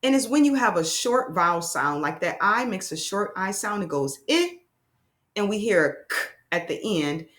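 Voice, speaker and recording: A woman teaching young children a phonics lesson, sounding out letters slowly and with exaggerated emphasis. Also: mid-range voice, animated, a bit bright.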